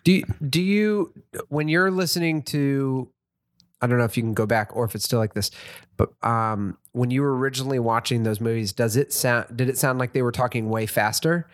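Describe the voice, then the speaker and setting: A man's voice: medium pitch, a little fast, dry recording, studio quality. A man co-hosting a podcast, asking questions in a playful, curious way. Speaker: podcast co-host. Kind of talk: casual podcast chat.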